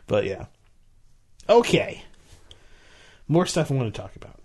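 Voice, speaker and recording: A male podcast host in relaxed, casual conversation with his co-host. His voice sits at an ordinary middle pitch, and he explains ideas in loose stretches full of fillers and self-corrections. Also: measured pace, husky. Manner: explaining with many restarts and fillers. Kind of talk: casual chat.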